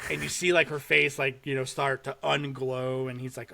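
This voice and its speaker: A young man hosting a podcast, casually and excitedly retelling a short horror film with swearing and laughter. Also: medium pitch, moderate pace, creaky. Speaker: podcast host. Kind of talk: casual chat.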